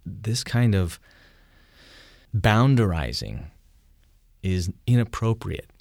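Animated man explaining theology, dry sound. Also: fairly low pitch, slow pace, gravelly, no echo. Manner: animated explainer, shouts quoted lines in vivid examples, asks "you see?". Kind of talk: conversational theology discussion.

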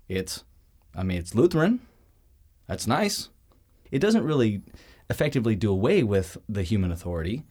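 Animated man hosting a teaching talk. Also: fairly low pitch. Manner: animated, acts out quoted voices, checks in with "okay?" and "see?". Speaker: show host.

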